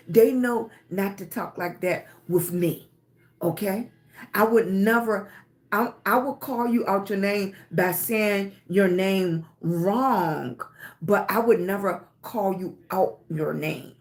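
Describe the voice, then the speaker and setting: A woman's voice: mid-range voice, a little mellow. A middle-aged woman hosting a livestream, giving a casual motivational talk in an emphatic way, repeating her points and checking in with "okay?" and "right?". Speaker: livestream host.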